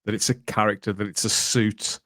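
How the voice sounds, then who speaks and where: A man's voice: lowish voice, steady tone, fairly quick, pushed and bright, dry recording, clean studio sound. A man hosting a casual podcast chat, laughing often and reading out news items. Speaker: podcast host.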